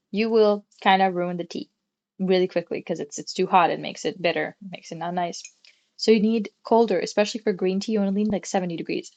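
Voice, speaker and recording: This lo-fi clip has a young woman livestreaming at home in her bedroom. Her mid-range, somewhat mellow voice drifts through loose, casual chatter with the occasional curse.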